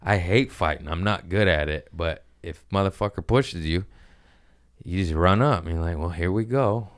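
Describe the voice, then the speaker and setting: Man, podcast host, very deep voice, resonant, casual profane storytelling. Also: normal speed, clear, resonant tone. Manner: profane, rambling, animated storytelling.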